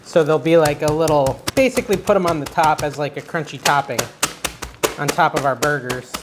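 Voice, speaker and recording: A man's voice: fairly high pitch, a little fast, noisy background. A man hosting a casual cooking vlog from his kitchen, chatting as he cooks in an unsure, self-deprecating way. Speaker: cooking show host.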